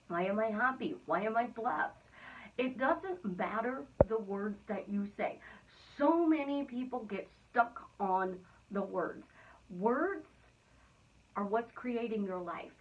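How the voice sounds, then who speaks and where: A woman's voice: fairly high pitch, recorded from a distance, narrow, tinny audio. A woman talking as a manifestation coach in a casual vlog, playful and upbeat.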